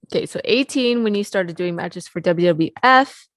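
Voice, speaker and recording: A woman's voice: fairly low pitch, expressive, normal speed, no room sound, clean studio sound. A woman hosting a casual interview, asking short follow-up questions. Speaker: podcast host.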